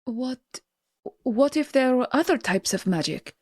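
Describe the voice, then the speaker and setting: Player, female, high and lively, insistent, dry sound. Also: a little slow, dry recording. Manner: eager, insistent. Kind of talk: in-character tabletop play.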